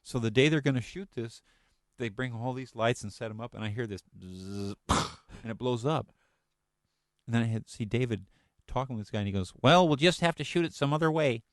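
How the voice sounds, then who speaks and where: Animated storytelling man, dry sound. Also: mid-range voice, brisk, no echo. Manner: animated storyteller, acts out quotes, laughs often. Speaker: guest musician and actor. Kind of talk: telling anecdotes in casual chat.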